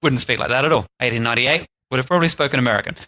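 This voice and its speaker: A man's voice: medium pitch, rapid-fire, pushed and bright. A man co-hosting a podcast, telling drink history stories in casual chat with playful jokes. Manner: playful storytelling, mock-posh impressions. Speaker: podcast co-host.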